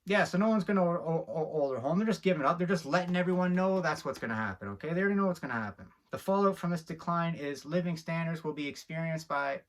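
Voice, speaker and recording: A man's voice: fairly high pitch, quick pace, few pauses. Heated man ranting to camera. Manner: heated, preachy, increasingly worked up. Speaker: video host.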